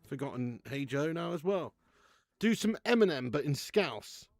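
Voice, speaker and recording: A man's voice: a little high, sing-song, normal speed, over music. A man hosting a live football watch-along stream, chatting casually with viewers, laughing often and swearing freely.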